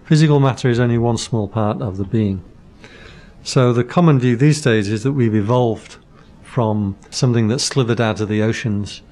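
Monk explaining calmly. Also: male voice, mid-range voice, moderate pace. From Britain. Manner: patient explainer who uses analogies and dry jokes. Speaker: Buddhist monk guest. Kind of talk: casual podcast conversation.

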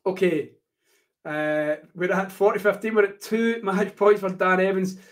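A man's voice: sits high, fairly even intonation, measured pace. A man with a Scottish accent hosting a casual live tennis watchalong, chatty and joking, rambling with plenty of fillers. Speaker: host.

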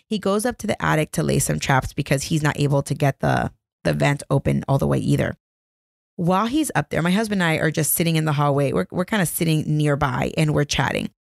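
A woman's voice: low-pitched, vocal fry, no echo, clean studio sound. A woman in her thirties hosting a podcast, telling a story in a casual, chatty, laughing way into a microphone at home. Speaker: podcast host. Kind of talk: casual chat. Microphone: studio microphone.

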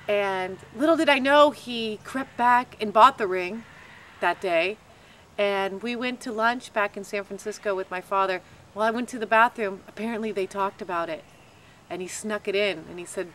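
A woman's voice: medium pitch, moderate pace, slight background noise. Woman animatedly recounting a proposal. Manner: animated, lively retelling. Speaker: bride telling proposal story. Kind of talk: casual storytelling.

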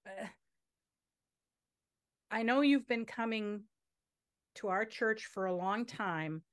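A woman's voice: medium pitch, takes it slowly, no echo, studio quality, natural voice. A woman playing a fretting lady. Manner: flustered, repeats herself. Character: fussy, fretting Southern small-town woman. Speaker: improv performer. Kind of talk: live improv comedy scene. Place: theater stage.

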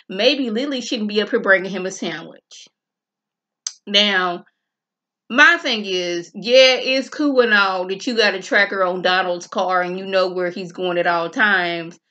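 A woman casually recapping a TV episode in an animated, colloquial way, acting out the characters' lines. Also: mid-range voice, dull audio. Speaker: TV show reviewer.

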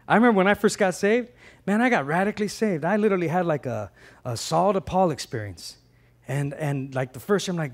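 Animated, higher-voiced male pastor preaching. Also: quick pace. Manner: animated, conversational preaching with frequent repetitions; swings between loud emphasis and soft low asides. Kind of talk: sermon.

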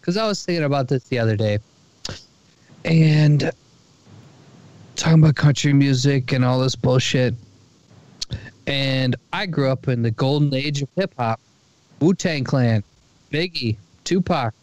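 A man's voice: medium pitch, unhurried, pauses often, a little mellow, no room sound, highs cut off. An American man co-hosting a podcast, bantering casually, swearing and joking as he argues his point. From United States. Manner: profane, joking, playfully argumentative. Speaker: podcast co-host.

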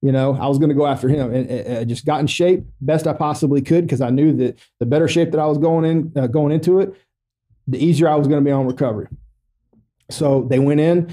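Joking matter-of-factly about serious subjects, a middle-aged male veteran tells his personal story in a podcast interview in the studio. His warm voice runs a little high, and his loose delivery stalls often with fillers.

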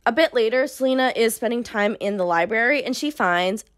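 A young woman in her twenties talks through a novel's plot in a casual vlog recap. She is sarcastic and deadpan, sprinkling her sentences with "like". Her voice sits slightly high for a woman. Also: brisk. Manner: wry, deadpan asides, lots of "like". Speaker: book review vlogger.

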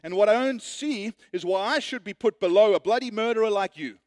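A man voicing the ghost of a working man who insists on his rights, raising his voice higher and louder as he complains. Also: a little fast, no echo, studio quality, close to an everyday voice. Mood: indignant. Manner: indignant, insistent, blustering.

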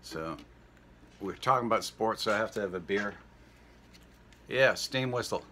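Canadian guy from saskatchewan, punchy bright voice, rambly to-camera chat, lots of uh and eh. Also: fairly low pitch, moderate pace, a little hiss or hum. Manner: folksy, tacks "eh" onto sentences; rambling, with many fillers and restarts. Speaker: vlogger playing a comic persona. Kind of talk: casual to-camera monologue.

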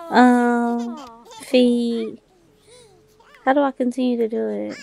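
Sassy gravelly-voiced woman game commentator. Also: a little high, fairly even intonation, takes it slowly, pauses often, a little mellow, faint music behind. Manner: sassy, talks back to the game characters; swears casually, informal slang. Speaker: let's play creator. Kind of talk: casual gameplay commentary.

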